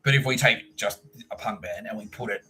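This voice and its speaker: Brisk and lowish in tone, a middle-aged Australian podcast host spins casual stories. He's animated throughout, swears, laughs often and puts on voices for the people in his tales.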